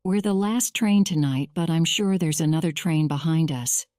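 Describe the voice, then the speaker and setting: A woman voicing a kind male train driver in an audio storybook, calm and matter-of-fact. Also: deep voice, moderate pace, smooth, dry recording, studio quality, close to an everyday voice.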